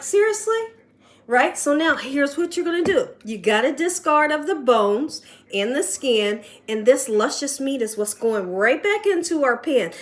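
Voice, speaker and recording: Woman cooking show host, high voice, chatty, echoey kitchen. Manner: chatty, coaxing, frequent "okay?" and "right?" check-ins. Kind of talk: home cooking demonstration. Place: home kitchen.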